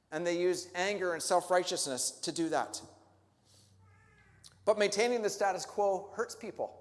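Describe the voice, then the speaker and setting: A man's voice: high-pitched, long reverb tail. A male pastor preaching a sermon, asking the congregation reflective questions and rising to emphatic peaks. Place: church sanctuary.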